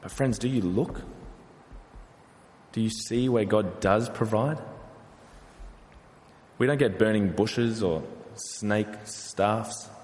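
A man's voice: fairly low pitch, slow, long pauses, darkish tone. Man preaching in a reverberant hall. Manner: earnest, preaching with rhetorical questions and acted quotes. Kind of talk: sermon.

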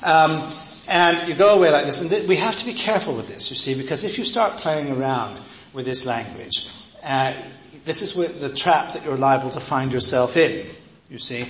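A man gives a teaching sermon with personal anecdotes, conversational and digressive, often saying "you see." His voice is a little high and somewhat bright, with slight hiss or hum, roomy echo and faint ambience.

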